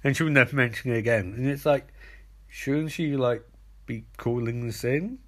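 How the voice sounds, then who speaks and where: A man's voice: mid-range voice, moderate pace. A man giving a rambling, jokey recap of a TV episode, correcting himself as he goes. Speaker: show recapper. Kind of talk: casual comic recap.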